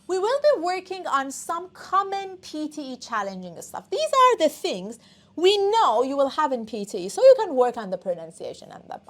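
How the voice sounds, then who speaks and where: A woman's voice: high-pitched, a bit bright. A woman whose first language is Persian, teaching an online English test class, coaxing students and often checking in with "okay?".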